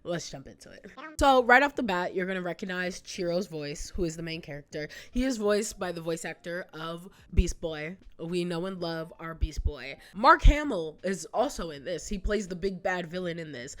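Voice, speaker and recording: A woman's voice: lowish voice, expressive, normal speed, fairly bright tone. Chatty young woman rambling about cartoons. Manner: chatty, rambling, many "like" fillers, frequent laughs. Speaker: youtuber reviewing a cartoon. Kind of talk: casual retrospective commentary.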